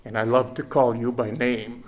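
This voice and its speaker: A man's voice: medium pitch, level tone, moderate pace. A male pastor preaching a sermon in earnest, often repeating words and rising to emphatic peaks.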